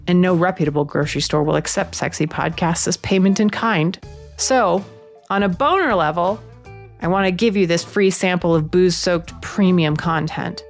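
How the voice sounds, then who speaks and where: A woman hosting a comedy podcast, talking in a playful, teasing way that swings between bold asides and hushed confessions. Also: fairly low pitch, moderate pace, soft background music. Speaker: podcast host. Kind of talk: comedic podcast monologue and panel chat.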